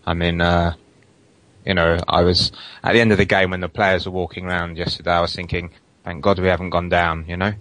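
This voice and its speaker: Deep flat-voiced football fan. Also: male voice, no room sound, poor audio. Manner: measured, hedging, many fillers. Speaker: podcast guest, football fan. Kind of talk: casual football chat.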